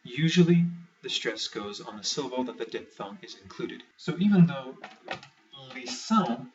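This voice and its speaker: A man's voice: mid-range voice, lively intonation, normal speed, darkish tone. A man explains a language lesson one rule at a time and drops in dry, wry asides. He sits back from the mic, and the sound is dull and muffled. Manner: dry, wry asides while walking through rules step by step. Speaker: language teacher. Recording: muffled, somewhat distant mic.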